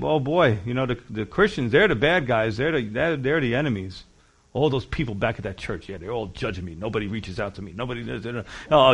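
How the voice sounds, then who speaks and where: A middle-aged pastor delivers a lively sermon. His voice sits a little high for a man, and he acts out the people in his stories, dropping low and quiet, then jumping up loud. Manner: animated storytelling with acted-out voices and big swings in loudness.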